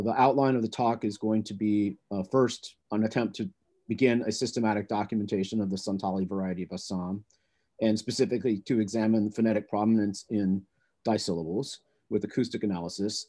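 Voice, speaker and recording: A man giving an academic conference talk, explaining research in a measured, lecturing way. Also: on the low side, dark tone. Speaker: conference presenter.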